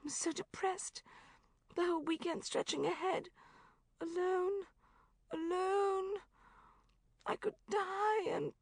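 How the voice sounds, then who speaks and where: A woman reading an audiobook, voicing a sobbing, despairing young woman friend in a high, wailing voice. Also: flat delivery, a little fast, no echo, close to an everyday voice.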